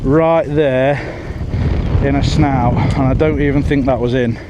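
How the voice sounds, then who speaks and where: Breathless, excitable man fishing on a windy shore. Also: medium pitch, measured pace. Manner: excitable, chatty, talks to viewers. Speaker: fishing vlogger. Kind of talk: casual outdoor commentary to camera. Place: windy seashore outdoors. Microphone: phone. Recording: phone on a windy shore, wind noise.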